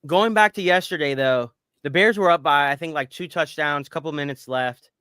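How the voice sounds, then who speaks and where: A man in his thirties co-hosting a casual sports podcast, telling animated stories and swearing casually. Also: fairly high pitch, moderate pace, clean tone, dry recording. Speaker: podcast co-host.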